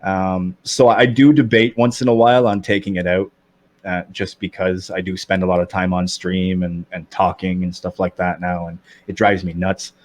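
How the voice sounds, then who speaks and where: A man's voice: sits low, little pitch movement, normal speed, no echo. A man in his thirties with a slight lisp, chatting candidly as a podcast guest, with many fillers and restarts. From Canada. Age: 30s. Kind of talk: casual chat.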